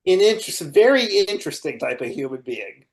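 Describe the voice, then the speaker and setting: A man co-hosting a casual film-discussion podcast, measured and reflective, steering the conversation with questions. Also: high voice, sing-song. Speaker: podcast co-host.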